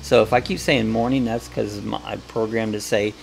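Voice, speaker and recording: A man's voice: lowish voice, fairly even intonation, normal speed, creaky, a little hiss or hum. A man hosting a casual live coffee chat, talking in a rambling, folksy way with lots of fillers and restarts.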